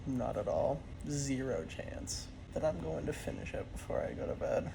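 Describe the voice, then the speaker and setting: A woman's voice: extremely low pitch, normal speed, gravelly, hardly any pauses, noisy background. A young woman chatting casually at home in a late-night vlog, rambling, swearing and fussing over her pet. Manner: swearing, rambling, excitable, talks baby talk to her pet. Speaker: vlogger. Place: at home, indoors.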